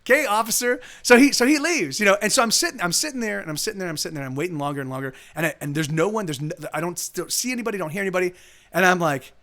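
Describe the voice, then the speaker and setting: Guy streaming, telling a story super fast, swears a lot, keeps correcting himself. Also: sits high, big pitch swings, fairly bright tone. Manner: rambling, profane, full of self-corrections. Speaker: live-streaming musician. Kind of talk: casual storytelling on a live stream.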